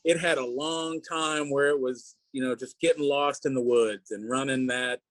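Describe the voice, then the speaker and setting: Male band member, easygoing storyteller, mid-pitched, dry recording. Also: moderate pace, no room sound, rough recording. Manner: relaxed, rambling, lots of "you know". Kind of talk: casual interview chat.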